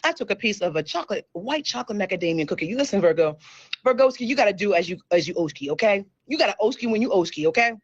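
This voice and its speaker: A woman hosting a casual entertainment news show, chatty and animated, repeating words for emphasis. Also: medium pitch, fast talker, breathy edge, dry recording, highs cut off. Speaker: show host.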